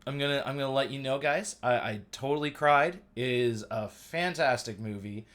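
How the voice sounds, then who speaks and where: A man in his thirties hosting a casual live stream, rambling excitedly with lots of fillers. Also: mid-range voice, normal speed. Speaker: livestream host. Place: at home.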